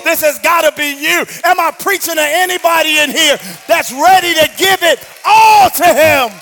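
A man preaching a passionate sermon in a church, drawing out his lines in a sing-song rhythm and building up to shouts. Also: very high-pitched, fairly even intonation, moderate pace. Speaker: pastor. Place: church sanctuary.

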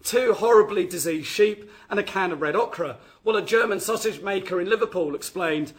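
A man's voice: sits high, a little fast, hardly any pauses. A man giving an academic history lecture, reading from his notes and often restarting his phrases. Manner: reads from notes with frequent restarts.

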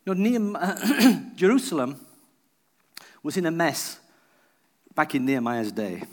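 A man's voice: on the high side, sing-song, measured pace. A man preaching a sermon as a visiting preacher, telling a personal story and acting out the people he quotes.

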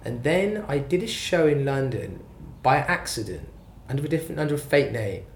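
A man's voice: medium pitch, expressive, normal speed, a little hiss or hum. A man who is a singer-songwriter, telling his story in a rambling, self-deprecating way during a casual interview. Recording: roomy echo, faint ambience.

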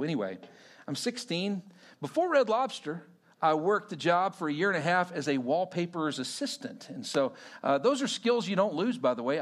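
A middle-aged man from Texas, a pastor telling a personal story in a sermon in an animated, conversational way with fillers. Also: medium pitch.

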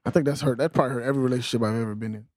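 Fast-talking, laid-back man in casual chat. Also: medium pitch, steady tone, no echo, studio quality. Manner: laid-back, profane, talks in quick bursts with restarts. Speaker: podcast co-host.

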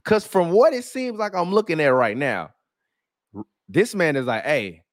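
A man's voice: high voice, normal speed, no room sound, studio quality. A man hosting a casual, comedic sports commentary, full of profanity and laughing asides. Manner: profane, animated, laughing riffs. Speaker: host.

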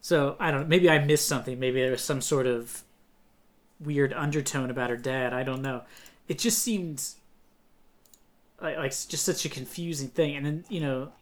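A man co-hosting a casual podcast chat, animated and acting out quoted lines. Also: medium pitch, normal speed. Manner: animated, acts out quoted voices. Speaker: podcast co-host.

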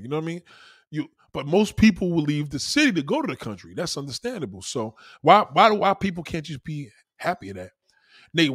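A middle-aged man talking in a casual, animated monologue, profane and rambling, full of restarts and acted-out quotes. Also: mid-range voice, no echo, clean studio sound.

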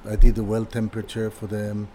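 A lowish, mellow voice belongs to an older man recounting his early days as a designer. He talks in a halting way, repeating words and restarting sentences as he goes. A faint hiss sits behind him. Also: monotone. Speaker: guest, furniture designer. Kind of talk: casual anecdotal storytelling.

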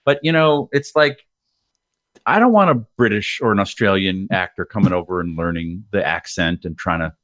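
A man in casual podcast chat, animated and jokey, swearing freely. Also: low-pitched, moderate pace, no room sound, clean studio sound.

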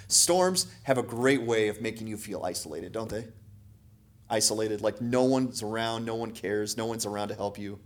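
A man preaching a sermon as pastor, moving between hushed, quiet lines and loud, emphatic ones. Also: fairly low pitch, normal speed. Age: adult parent.

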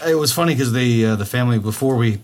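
A man's voice: mid-range voice, quick pace, a little hiss or hum. A man co-hosting a podcast in casual banter, rambling and joking, swearing freely. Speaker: podcast co-host.

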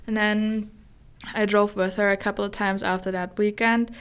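A soft-spoken woman, not a native English speaker, answers interview questions in a smooth, clear voice. She stays even and flat in pitch, pausing often and searching for words. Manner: hesitant, halting, many fillers. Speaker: guest. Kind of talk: casual interview conversation.

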